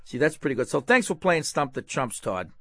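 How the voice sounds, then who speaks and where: A man's voice: fairly high pitch, sing-song, fairly quick, sharp tone, no room sound. A man co-hosting a radio call-in show, teasing his partner and callers and laughing often. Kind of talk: joking radio banter.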